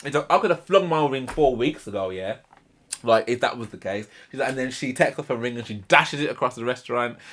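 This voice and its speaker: A man's voice: mid-range voice, a little fast. A man hosting a reaction channel, commenting casually and emphatically. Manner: animated, emphatic, repeats himself for emphasis.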